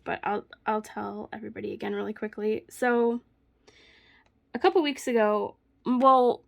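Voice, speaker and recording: A woman's voice: a little high, vocal fry. A woman vlogger chatting casually while she crafts at home, telling a story with frequent laughs. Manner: chatty storyteller, laughs often mid-sentence.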